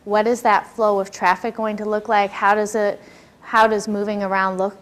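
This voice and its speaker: A woman's voice: medium pitch, little pitch movement, normal speed. A woman giving a workshop lecture on classroom behavior, talking conversationally and asking her audience questions.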